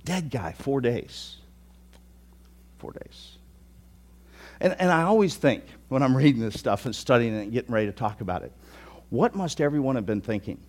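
A man preaching a sermon, telling the story with animation, acting out quoted thoughts and swinging from loud declarations to hushed asides. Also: mid-range voice, animated, fast. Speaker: pastor.

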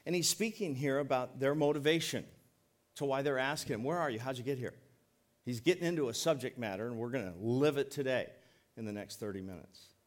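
A middle-aged man preaching a sermon as pastor, folksy and joking, leaning on words by slowing down. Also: medium pitch. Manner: folksy, joking, emphatic preaching with slowed stresses.

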